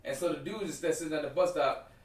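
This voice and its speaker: A man co-hosting a podcast in casual chat, an animated storyteller who acts out the people he quotes. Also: a little high, fast, echoey room, distant mic. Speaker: podcast co-host.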